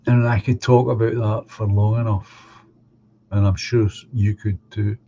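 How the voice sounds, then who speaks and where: A middle-aged man from Glasgow hosts a casual livestream, reading viewers' comments aloud with blunt opinions. He speaks unhurriedly in a warm, level voice on the low side, on lo-fi audio with slight background noise.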